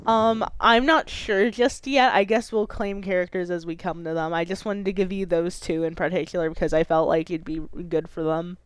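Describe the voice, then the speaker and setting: A woman's voice: on the low side, steady tone, moderate pace, hardly any pauses, smooth, dry recording. A woman streamer chatting casually and eagerly explaining a game's rules to her co-player. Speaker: streamer running the game. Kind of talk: casual gaming chat.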